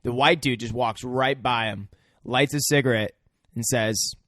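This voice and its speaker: A man co-hosting a podcast, chatting about a movie in a relaxed way, laughing easily and trailing off. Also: medium pitch, measured pace, no echo. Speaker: podcast co-host. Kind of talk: casual movie chat.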